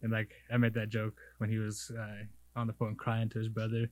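A man's voice: on the low side, completely flat delivery, brisk, darkish tone. A man co-hosting a podcast in casual chat, laid-back and agreeable, using loose slang. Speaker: podcast co-host.

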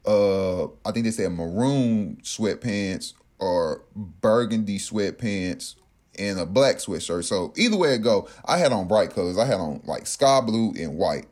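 A man casually telling a personal story in an animated, profane way, acting out what others said. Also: fairly low pitch, unhurried. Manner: animated, profane, acts out quotes.

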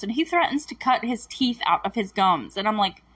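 A woman's voice: fairly high pitch, animated, fairly quick, a bit bright, slightly rough, no echo, recorded from a distance, rough recording. A woman casually recapping a TV episode, laughing often and acting out the characters' lines. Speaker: recap host.

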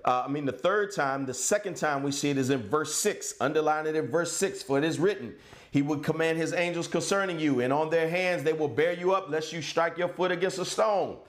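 A male pastor preaches with fervor, and his voice sits high for a man. He climbs to ringing shouts and then drops low and quiet. The sound carries the echo of a church room. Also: fairly quick. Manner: impassioned preaching, rising to shouts and dropping low. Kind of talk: sermon.

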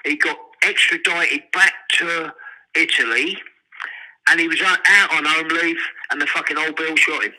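An older man, telling profane, animated prison stories in an interview. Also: fairly high pitch, normal speed, low-quality recording. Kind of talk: storytelling.

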